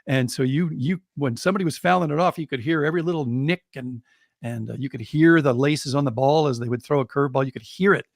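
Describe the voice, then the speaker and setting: A middle-aged American man, a storyteller, telling a personal anecdote on a podcast in a lively way and chuckling as he goes. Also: medium pitch, quick pace, creaky, dry recording, clean studio sound. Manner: lively, chuckling, builds excitement as he tells it.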